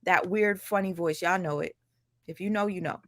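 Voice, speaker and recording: A woman's voice: lowish voice, fairly even intonation, normal speed, no echo, clean studio sound. A woman narrating drama commentary in a blunt, sarcastic, profane way. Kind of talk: casual commentary voice-over.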